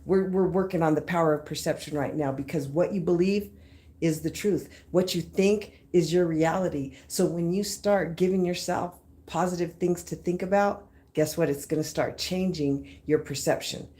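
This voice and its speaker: An emphatic woman in her thirties talks to her live viewers in a casual motivational chat. Her voice sits a little low, and she leans on repeated phrases and easy slang. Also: steady tone, normal speed, mellow. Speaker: motivational live-stream host.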